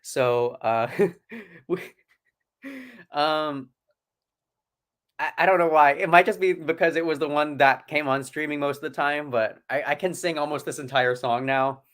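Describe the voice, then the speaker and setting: A man's voice: a little high, a little slow, pauses often, fairly bright tone. A man from California co-hosting a casual livestream, enthusiastic, repeating himself and stammering into sentences. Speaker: co-host of a livestream. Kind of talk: casual chat.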